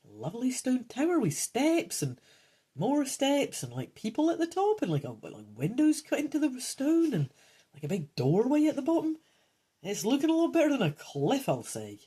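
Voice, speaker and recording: A woman's voice: high-pitched, wildly swooping pitch, normal speed, warm tone, husky. A woman reading a gamebook aloud and chatting casually, often sidetracking and correcting herself. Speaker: gamebook player and reader. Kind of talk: casual playthrough narration.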